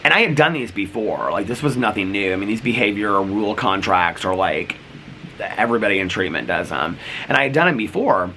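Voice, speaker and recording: A man's voice: fairly low pitch, animated, a little fast, bright, forceful tone, a little hiss or hum. A middle-aged man vlogging, telling a personal story in a chatty way, full of "like" and "you know", acting out quoted exchanges. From United States. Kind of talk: casual storytelling to camera.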